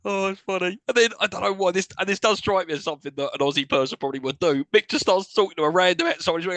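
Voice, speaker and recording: A man's voice: high voice, lively intonation, fast talker, few pauses, fairly bright tone, dry recording. A man co-hosting a podcast, recapping a film scene by scene with sardonic mock quotes. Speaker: podcast co-host. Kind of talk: casual film review chat.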